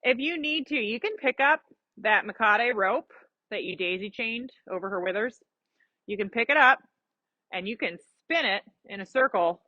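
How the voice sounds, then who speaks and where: Woman riding coach, bright and somewhat high voice, patient explainer, dry dull-sounding recording. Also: lively intonation, moderate pace, no echo. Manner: encouraging, explains patiently with examples. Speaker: riding instructor. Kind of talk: live coaching during a riding lesson.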